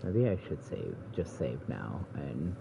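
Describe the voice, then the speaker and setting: A man giving relaxed, rambling commentary while playing a video game, thinking aloud as he goes. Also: extremely low pitch, unhurried, vocal fry, noisy background. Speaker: let's play gamer. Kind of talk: casual gameplay commentary.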